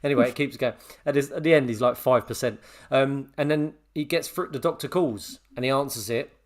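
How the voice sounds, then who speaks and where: A man co-hosting a podcast, telling a story with lively re-enactments of a phone call. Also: medium pitch, brisk. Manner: animated storyteller, acts out both sides of a phone call. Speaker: podcast co-host. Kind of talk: casual chat, storytelling.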